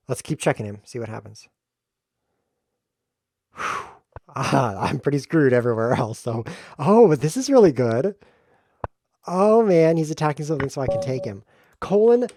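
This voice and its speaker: A man talks through his own chess game on a live stream, joking and getting excited at each turn of play. His voice sits in an ordinary middle register. The sound is dry and close, with no room around it. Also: medium pitch, dry recording. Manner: jokey, excitable self-talk while playing.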